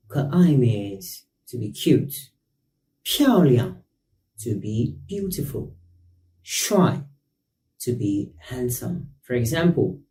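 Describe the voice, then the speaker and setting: A man teaching a beginner language lesson as the host. He explains patiently and repeats each word slowly. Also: mid-range voice, warm tone, a little hiss or hum. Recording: roomy echo, distant mic.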